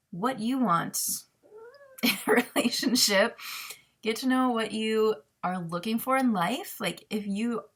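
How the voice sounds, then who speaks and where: A woman's voice: mid-range voice, fairly bright tone. A young woman vlogging personal advice in a candid, emotional way, often laughing and saying "um" between thoughts. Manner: candid and emotional, laughing through tears, frequent ums.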